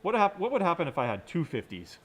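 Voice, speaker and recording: A man's voice: a little high, wildly swooping pitch, quick pace. A man giving a recorded computer science lecture, explaining step by step and often checking in with "right?". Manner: mutters quietly to himself while working on screen. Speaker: university lecturer.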